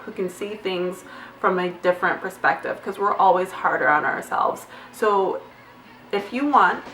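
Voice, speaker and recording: Chatty, bright-voiced nurse giving candid advice. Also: female voice, medium pitch, reverberant, recorded from a distance. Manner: candid, chatty, reads notes from phone, occasional swearing. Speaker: nurse vlogger. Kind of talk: casual advice vlog.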